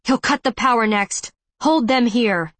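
Snarling villain commander, woman narrator voicing him, barked orders, fairly high, dry close audiobook mic. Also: measured pace, a bit bright, no room sound.

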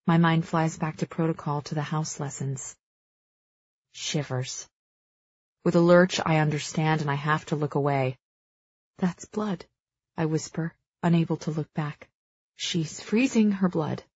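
A woman narrating dramatic first-person fiction as an audiobook reader, measured and slowing for tense moments. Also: deep voice, darkish tone, no room sound, muffled recording.

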